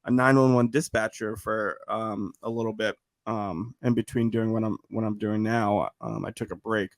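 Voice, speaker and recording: A man talking casually as a podcast guest, animated and rambling with lots of restarts. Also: lowish voice, normal speed, dry recording. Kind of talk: casual chat.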